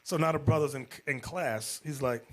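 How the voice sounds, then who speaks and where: A man preaching as a bishop in a Bible class, telling stories in an animated way and acting out the people in them, sometimes shouting. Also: fairly high pitch, moderate pace. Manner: animated, acts out quotes, jumps to shouting. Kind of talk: storytelling Bible class sermon.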